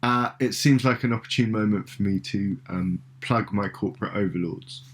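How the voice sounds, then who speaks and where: British-raised podcast host, lower male voice, meandering questions. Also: moderate pace. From Britain. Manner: rambling, hesitant questions with fillers. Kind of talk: conversational interview.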